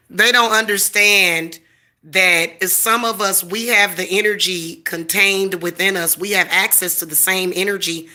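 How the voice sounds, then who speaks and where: A woman's voice: mid-range voice, steady tone, measured pace, sharp tone. A woman in her forties delivering a profane, confrontational, boastful rant straight to camera. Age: 40s. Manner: boastful, defiant. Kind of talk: ranting monologue to camera.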